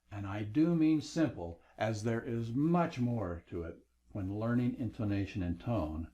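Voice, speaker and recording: A man's voice: medium pitch, warm tone. A middle-aged man teaching a recorded lesson on speaking, lecturing with varied emphasis. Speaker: instructor.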